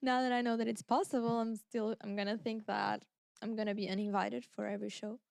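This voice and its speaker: A young woman co-hosting a casual chat podcast, chatty and quick to laugh. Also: medium pitch, fairly even intonation, gravelly, darkish tone, no room sound, clean studio sound. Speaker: podcast co-host.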